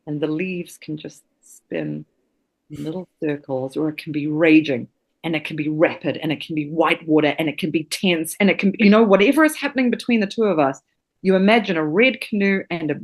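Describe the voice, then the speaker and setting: A woman's voice: deep voice, fairly quick. Passionate woman guest from New Zealand. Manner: passionate, vivid imagery, casual swearing. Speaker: actor and acting teacher guest. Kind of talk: casual interview chat.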